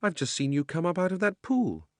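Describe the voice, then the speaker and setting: A man's voice: big pitch swings, fairly quick, darkish tone, no room sound, studio quality. A man putting on a dreamy, lilting young girl. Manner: high airy girlish voice, lilting. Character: dreamy young girl, curious then anxious. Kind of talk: audiobook reading.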